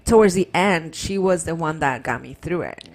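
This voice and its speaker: A woman with a lowish voice co-hosts a relaxed podcast chat. She speaks haltingly and often restarts her sentences as she shares her experience. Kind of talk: casual podcast conversation.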